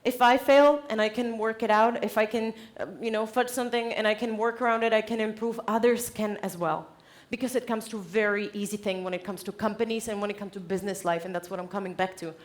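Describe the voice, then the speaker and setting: A woman giving a conference keynote on stage, direct and lively, laughing often. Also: mid-range voice, quick pace, hardly any pauses. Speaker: conference speaker.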